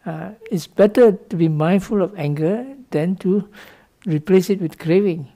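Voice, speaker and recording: An unhurried, mellow voice that sits high comes from a monk teaching students the dharma. In loose English that is not his native tongue, he keeps a playful tone, often asking "no?" and laughing softly.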